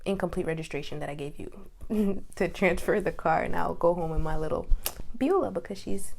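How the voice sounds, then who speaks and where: A young woman vlogging in casual storytelling, chatty and animated, with lots of fillers and quoted asides. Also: lowish voice, brisk, gravelly.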